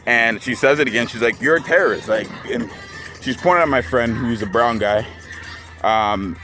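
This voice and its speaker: A man's voice: mid-range voice, normal speed, over music. A young man telling a story to camera in a casual, rambling way, full of filler words. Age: young adult. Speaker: vlogger.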